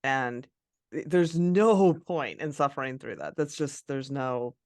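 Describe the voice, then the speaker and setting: A man's voice: medium pitch, lively intonation, unhurried, a little mellow, no room sound. A man hosting an interview, responding in a supportive, affirming way. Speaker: interview host.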